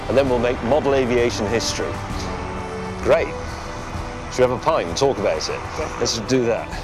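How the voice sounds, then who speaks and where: A man's voice: medium pitch, normal speed. A man presenting on location outdoors, enthusiastic, with a dry, self-mocking humour. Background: clear music.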